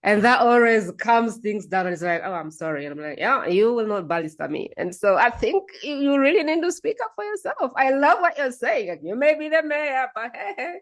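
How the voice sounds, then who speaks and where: A woman's voice: sits high, lively intonation, a little fast, hardly any pauses. A woman hosting a podcast, affirming her guest and repeating her phrases back. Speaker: podcast host. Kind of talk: casual chat.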